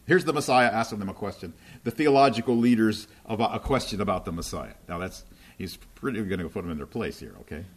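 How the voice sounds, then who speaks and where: A man's voice: lowish voice, animated, fast. Man teaching the Bible conversationally. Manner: checks in with listeners often, asking "right?" and "okay?". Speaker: preacher.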